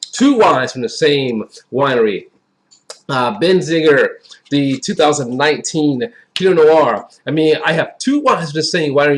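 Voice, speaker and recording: A man giving a casual, chatty wine review in a folksy way that often repeats itself. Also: mid-range voice. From Wisconsin.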